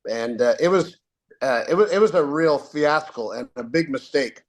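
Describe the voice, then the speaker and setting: A man's voice: medium pitch, lively intonation, moderate pace. An older Canadian man, a retired referee, telling rambling anecdotes with many fillers and restarts. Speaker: guest, retired hockey referee. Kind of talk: casual storytelling.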